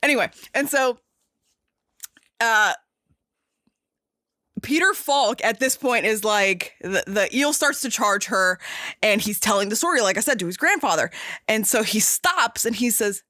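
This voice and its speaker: A young woman hosting a podcast, animatedly retelling a film scene by scene with frequent laughs and quick asides. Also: on the high side, expressive, bright, forceful tone, no room sound, clean studio sound. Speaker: podcast host. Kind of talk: casual movie recap.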